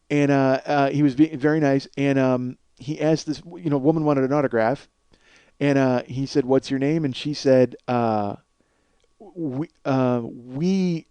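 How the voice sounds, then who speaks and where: A man's voice: medium pitch, dark tone, clear, resonant tone, no room sound. A man hosting a podcast, telling a long story in a rambling, profane, casual way. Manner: rambling and profane, with lots of filler. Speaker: podcast host. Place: home studio at night.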